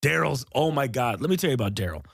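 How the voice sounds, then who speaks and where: A man's voice: mid-range voice, lively intonation, fast talker, gravelly, a bit bright, breathy edge, no room sound, clean studio sound. A young man hosting a casual comedy podcast, joking around and laughing often. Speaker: podcast host.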